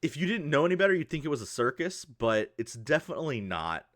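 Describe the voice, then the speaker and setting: A man's voice: a little high, very animated, fast, a bit bright, dry recording, studio quality. A man narrating as game master in a tabletop role-playing game, rambling descriptions full of fillers. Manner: rambling, many fillers and restarts.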